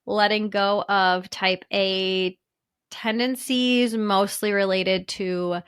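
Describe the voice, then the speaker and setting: A woman's voice: mid-range voice, fairly even intonation, takes it slowly, a bit bright, smooth. A woman co-hosting a podcast in casual chat, telling candid stories about her own life. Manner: candid, storytelling with laughs between phrases. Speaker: podcast co-host.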